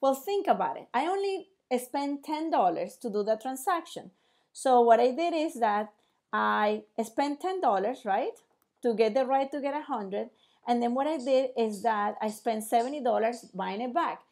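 A woman teaching in a casual explainer style, animated and asking rhetorical questions, acting out little dialogues. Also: a little high.

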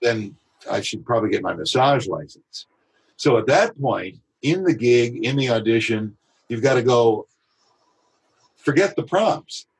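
This voice actor, a podcast interview guest, has a husky, medium-pitched voice and an animated delivery. He reflects on his craft and explains it through examples and quick imitations.

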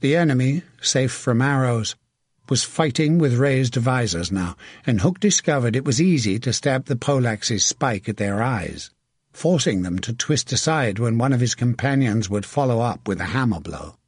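A man reads scripted audiobook narration in a steady, measured voice of middle pitch. His tone is husky and slightly breathy. The recording is dry and close, with no room sound. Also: no echo.

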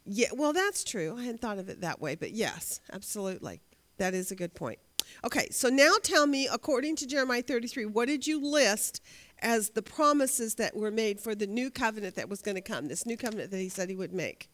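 A woman's voice: mid-range voice, expressive, a little fast, a bit bright, slight background noise. A woman leading a Bible study lesson, asking her class questions and answering them herself, often repeating words as she thinks aloud. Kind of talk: interactive Bible class teaching.

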